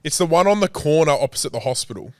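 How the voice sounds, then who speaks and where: A man's voice: on the high side, lively intonation, fast, dry recording, clean studio sound. A young man co-hosting a podcast, laid-back and teasing, heavy with slang. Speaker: podcast co-host. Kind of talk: casual banter.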